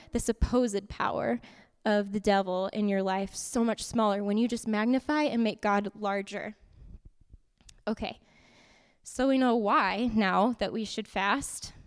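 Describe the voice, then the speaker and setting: A woman giving an interactive youth sermon in a church hall, lively and repeating her points to keep the group's attention. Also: fairly high pitch, clean tone. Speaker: youth teacher. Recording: long hall reverb.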